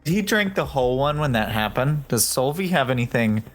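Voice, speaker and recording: A man's voice: mid-range voice, lively intonation, a little fast, faint music behind. A man playing a tabletop game, curious and full of questions. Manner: curious, asks many questions. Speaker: player. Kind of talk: casual tabletop play.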